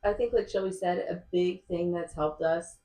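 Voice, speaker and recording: Supportive woman co-host, lowish voice. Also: moderate pace, dark tone, echoey room. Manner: supportive, lots of agreeing back-channel. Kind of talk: casual chat.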